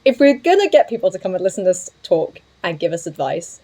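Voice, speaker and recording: Giggly young Englishwoman with a lively voice. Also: lowish voice, fast talker. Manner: giggly and teasing. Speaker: podcast co-host. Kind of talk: casual chat.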